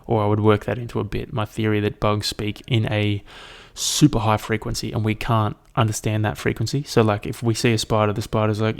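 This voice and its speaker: A man's voice: lowish voice, level tone, brisk, gravelly, few pauses. A young man hosting his own podcast, talking alone in a loose, rambling, profane and self-mocking way. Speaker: podcast host. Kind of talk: casual solo podcast monologue.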